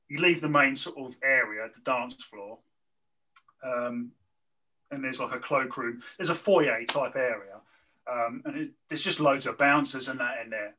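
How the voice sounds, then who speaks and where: A man's voice: medium pitch, rough recording. A man telling a long, rambling anecdote in casual chat. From southern England. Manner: rambling, animated, lots of fillers. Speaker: guest telling a story.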